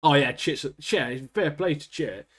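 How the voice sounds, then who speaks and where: A man's voice: a little high, expressive, unhurried, fairly bright tone. A man co-hosting a podcast, chatting casually, ranting animatedly and laughing often. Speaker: podcast co-host. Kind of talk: casual chat.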